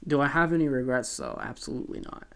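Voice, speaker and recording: A man's voice: mid-range voice, fast talker, gravelly, a bit bright, clear, resonant tone. A young American man chatting casually about his records, with lots of fillers and restarts. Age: young adult. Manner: rambling, self-deprecating, many fillers and restarts. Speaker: vlogger. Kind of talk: casual chat.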